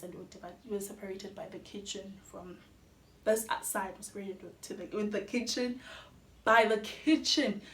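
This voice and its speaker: A woman's voice: medium pitch, reverberant, a little hiss or hum. A young South African woman with a Xhosa-speaking accent, candidly telling a personal story in a chatty vlog and mixing in Xhosa phrases. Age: young adult. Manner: candid, chatty, mixes in Xhosa phrases, laughs between sentences. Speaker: YouTuber.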